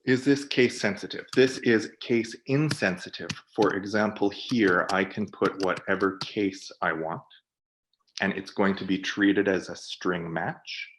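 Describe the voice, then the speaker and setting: A man on a video call, presenting for a product team and walking through software in a webinar while thinking aloud. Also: low-pitched, unhurried.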